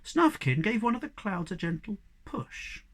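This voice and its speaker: A reader giving an expressive storybook reading aloud. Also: mid-range voice, a little slow. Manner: expressive, varied delivery.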